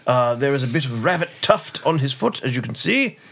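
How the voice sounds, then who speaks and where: A man's voice: medium pitch, very animated, fairly quick, vocal fry, fairly bright tone, exaggerated voice. A man voicing a pompous, overly formal soldier speaking with stiff courtesy. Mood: courtly.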